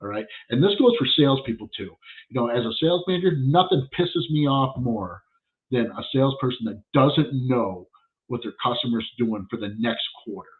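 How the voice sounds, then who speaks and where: A man talks in a casual, profane monologue, blunt and storytelling, with frequent swearing. His voice sits at an ordinary middle pitch. The recording is thin and tinny, much like a phone line. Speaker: podcast host.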